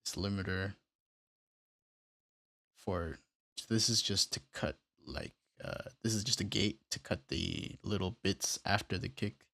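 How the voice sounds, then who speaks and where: A man casually walking through how he built a beat, step by step, in a relaxed, plain way. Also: sits low, measured pace, gravelly, dry recording. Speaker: music producer tutorial host. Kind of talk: casual screen-recorded tutorial.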